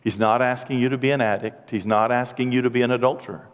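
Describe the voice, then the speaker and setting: A man's voice: mid-range voice, steady tone, fast, big-room sound. A man in his sixties preaching as a pastor in a church, earnest and emotional, with self-deprecating asides. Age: 60s. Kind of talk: sermon. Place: church sanctuary.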